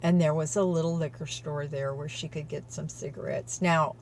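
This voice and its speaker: A woman's voice: deep voice, fairly even intonation, normal speed. A woman telling viewers a story in an earnest, tearful way, calling them y'all. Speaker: vlogger.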